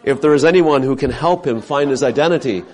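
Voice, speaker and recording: A man voicing a calm, witty female airline gate agent in a sermon anecdote, speaking courteously. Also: medium pitch, brisk, close to an everyday voice. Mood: announcing.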